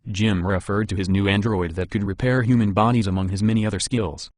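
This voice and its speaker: Low-voiced male audiobook narrator. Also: steady tone, fast talker, few pauses, a little mellow, no room sound, clean studio sound. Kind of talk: scripted narration.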